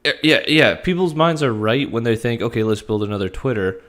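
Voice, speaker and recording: A man's voice: mid-range voice, animated, a little fast, fairly bright tone. A man co-hosting a live podcast, chatting casually with many fillers and frequent laughs. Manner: laughing, meandering, filler-heavy. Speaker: podcast co-host.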